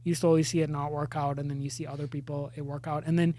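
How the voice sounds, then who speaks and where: A man's voice: on the high side, fast. A man in his thirties from India, an actor telling funny stories about himself in a casual chat, laughing as he goes. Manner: animated, self-mocking, laughs through stories. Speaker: actor and podcast guest.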